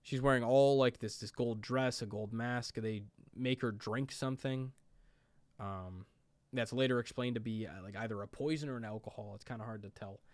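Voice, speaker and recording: A man's voice: mid-range voice, moderate pace, no room sound. Rambling man recapping a movie plot. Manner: rambling, fillers like "like" and "um". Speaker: movie reviewer.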